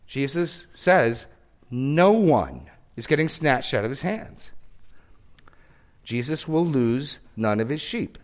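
A man's voice: mid-range voice, big pitch swings, takes it slowly. A man preaching a sermon as a pastor, reading scripture aloud and stressing key words.

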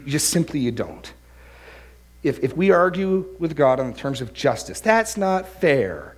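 A man preaching a sermon, earnest and emphatic, often repeating words. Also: mid-range voice. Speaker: pastor.

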